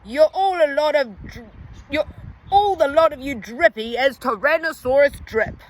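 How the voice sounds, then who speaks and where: A gruff father dinosaur from a picture book barks his lines, brusque and dismissive, as a woman reading aloud does him. The pace is slow and deliberate. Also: high voice, rough recording. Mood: scoffing.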